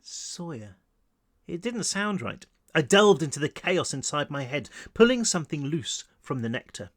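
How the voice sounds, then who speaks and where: Man reading his novel expressively. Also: normal speed. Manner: expressive reading with wide pitch swings, asides to listeners. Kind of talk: first-person book reading. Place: home. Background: child screaming downstairs.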